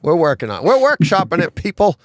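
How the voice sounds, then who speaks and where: A man's voice: on the high side, wildly swooping pitch, fairly quick, dry recording. A man with a Boston accent co-hosting a podcast in casual chat, rambling with many restarts and frequent laughs. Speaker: podcast co-host.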